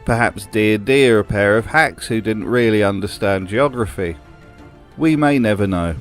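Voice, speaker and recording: A man's voice: lowish voice, moderate pace, soft background music. A man hosting a comedic commentary video, with a dry, sardonic delivery. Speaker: host.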